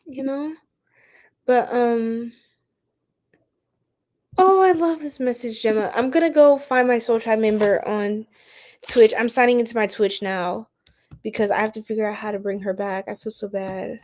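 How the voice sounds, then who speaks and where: A woman giving a casual live-stream tarot reading, chatty and animated, saying "like" often and talking to her viewers in the chat. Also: on the high side, normal speed, pauses often.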